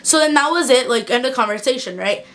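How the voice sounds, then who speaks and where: A young adult woman vlogger tells a casual story-time tale, chatty and animated, full of "like" fillers. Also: high voice, fairly quick.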